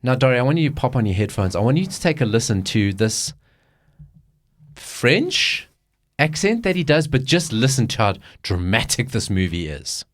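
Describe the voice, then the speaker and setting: Man, podcast co-host, casual chat, lively intonation, medium pitch, animated storytelling. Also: moderate pace. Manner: animated storytelling, swears, acts out quotes.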